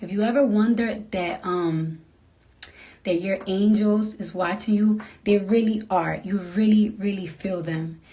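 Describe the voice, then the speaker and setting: A woman in an emotional, rambling late-night livestream to her fans, speaking softly and trailing off into near-whispers. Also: a little slow. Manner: soft and low-key, trailing into near-whispers.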